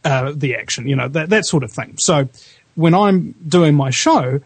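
A man with a New Zealand accent talks casually on his own radio show, his fairly high voice leaping about as he chats. He fills pauses with ums and restarts. The sound is close and dry, from a studio mic at home. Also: slightly rough, no echo. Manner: animated, quick pitch jumps, frequent ums. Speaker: radio talk show host. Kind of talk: casual chat. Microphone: studio USB microphone.

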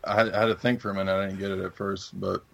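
A man's voice: low voice, little pitch movement, racing, vocal fry, no echo. A man appearing as a guest on a talk show, a joking, laid-back comedian. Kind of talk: casual talk show chat.

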